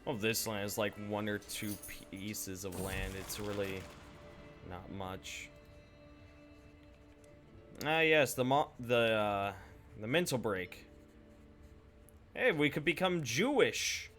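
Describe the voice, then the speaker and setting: A man's voice: lowish voice, expressive, slow, pauses often, a bit bright, faint music behind. A young man giving rambling, casual live gameplay commentary, swearing freely and chatting with viewers. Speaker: Twitch streamer.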